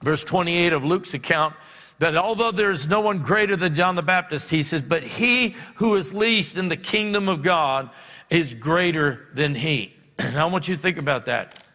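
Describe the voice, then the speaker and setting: Long reverb fills the church sanctuary as a middle-aged pastor preaches, laughing often as he tells folksy tales. He speaks at a moderate pace with a fairly high, pushed, bright voice.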